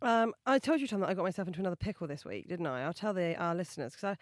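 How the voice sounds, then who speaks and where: A woman's voice: lowish voice, very animated, rapid-fire, no echo, clean studio sound. A woman co-hosting a casual comedy podcast, telling self-mocking stories in a chatty way. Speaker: podcast co-host.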